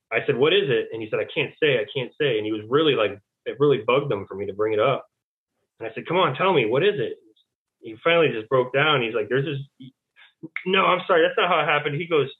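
A man rambles as a phone-in guest, his voice squeezed thin through a tinny phone line. He talks at an ordinary pitch, stacking fillers and retelling old conversations. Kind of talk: rambling phone interview storytelling.

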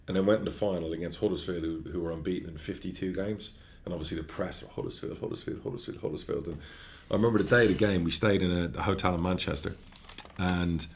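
A middle-aged man with a very deep, low voice talks in a casual interview. He is blunt and animated and swears freely as he tells his stories. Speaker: football club chairman.

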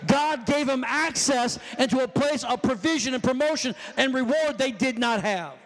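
A man preaching a fervent sermon in a church, often shouting calls to the congregation. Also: extremely high pitch, normal speed. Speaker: pastor. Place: church sanctuary. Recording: long hall reverb.

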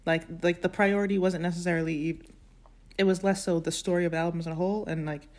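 A woman's voice: on the low side, fairly even intonation, fast, a little mellow. A woman co-hosting a podcast in casual chat, joking wryly and rambling with lots of "like". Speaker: podcast co-host.

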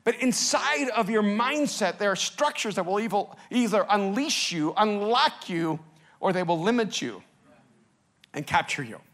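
A man from El Salvador preaching a sermon, telling stories with big swings from soft to loud. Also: high voice, expressive, a little slow. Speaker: pastor.

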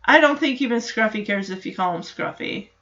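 A woman's voice: medium pitch, expressive, brisk, fairly bright tone, dull audio. A woman hosting a podcast, recapping a sitcom episode in casual, amused chat with jokey asides.

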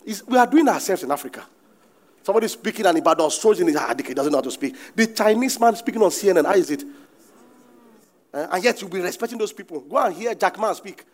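Animated Nigerian pastor preaching. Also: male voice, sits high, quick pace. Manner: animated preaching with bursts of shouting and laughter. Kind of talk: sermon.

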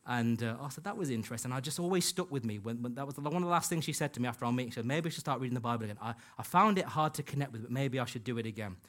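Male preacher, mid-pitched voice, earnest storytelling sermon, acts out quoted lines. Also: lively intonation, rapid-fire, hardly any pauses, fairly bright tone. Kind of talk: sermon with personal stories. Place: church hall.

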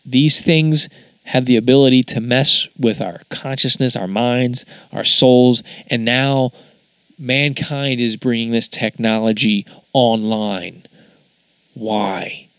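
A man's voice: medium pitch, steady tone, slow, fairly bright tone, clear, resonant tone, dry recording. A man hosting a casual spoken monologue, musing in a conversational way that wanders off track now and then. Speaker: podcast host.

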